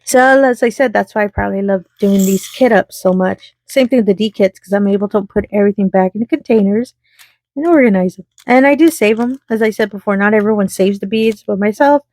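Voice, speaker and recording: A woman's voice: mid-range voice, a little fast, darkish tone, no room sound. A woman hosting her craft channel, chatting casually and giggling to viewers while she sorts beads.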